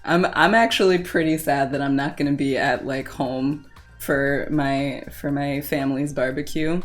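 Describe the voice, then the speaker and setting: A woman's voice: extremely low pitch, steady tone, moderate pace, soft background music. A woman streaming live, chatting casually with her viewers, reading their messages aloud and often breaking into laughter. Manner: playful, giggly, reads chat aloud. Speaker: Twitch streamer.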